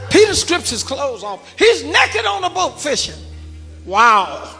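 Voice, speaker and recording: A man preaching a sermon, talking back and forth with the congregation and swinging from shouts to low murmurs. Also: very animated, slow, vocal fry. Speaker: pastor. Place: large church hall. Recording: church hall reverb with organ music.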